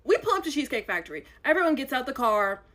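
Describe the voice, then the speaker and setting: High-voiced woman telling a dramatic story. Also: fast. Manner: animated, dramatic retelling. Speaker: storyteller in a clip. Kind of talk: storytime monologue.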